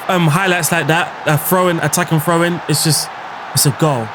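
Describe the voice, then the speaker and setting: A man's voice: fairly high pitch, fairly even intonation, normal speed, background noise. A man commentating on his own football game as a YouTuber, exclaiming and groaning at every chance. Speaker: gaming YouTuber.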